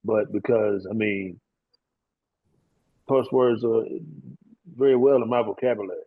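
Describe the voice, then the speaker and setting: A male panelist speaking in a calm, measured way. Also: fairly low pitch. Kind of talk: casual panel discussion. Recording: dry, tinny phone-like sound.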